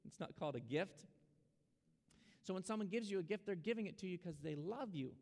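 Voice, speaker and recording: A male pastor preaches earnestly and urges his congregation on, his voice gravelly and a touch high. The sermon carries a long reverb from a church sanctuary. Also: animated, a little fast, darkish tone. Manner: earnest preaching, urging and exhorting.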